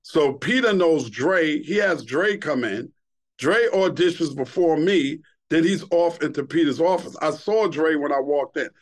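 A middle-aged man from Queens spins a long, profane tale in casual podcast talk. His voice sits a little high for a man, and he tells it with lively energy. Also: a little slow. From Queens, New York. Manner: profane, animated storyteller. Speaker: guest, radio DJ.

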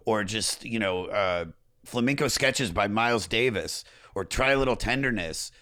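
A man hosting a podcast, telling stories with animated energy and dropping casual swears. His voice sits low. The recording is dry and close. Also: normal speed, smooth, dry recording. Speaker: podcast host.

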